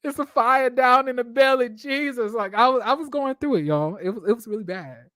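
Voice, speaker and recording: A man hosting a casual live stream from home, telling stories in a dramatic, expressive way, swearing freely and laughing often. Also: very high-pitched, fairly quick, no echo, studio quality.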